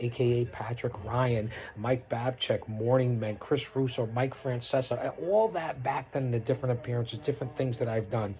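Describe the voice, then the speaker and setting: A man's voice: mid-range voice, darkish tone. Boastful man doing wrestling commentary. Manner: boastful, preachy, repeats himself, rattles off lists. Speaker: podcast host doing wrestling watch-along commentary. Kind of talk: unscripted live commentary over a broadcast.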